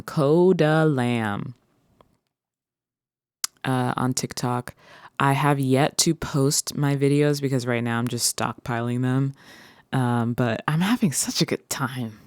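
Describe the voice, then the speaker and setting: A woman's voice: very deep voice, darkish tone, clear, resonant tone, no echo, clean studio sound. A woman hosting her own vlog, chatting playfully and rambling as she talks to her viewers. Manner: playful, rambling, drawn-out words. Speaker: host. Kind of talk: casual solo vlog chat. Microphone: listening through headphones.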